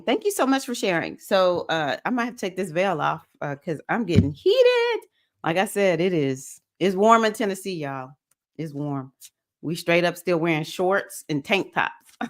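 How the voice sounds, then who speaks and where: A woman in her 50s hosts a spiritual livestream circle, chatting with viewers and breaking into sudden high whoops.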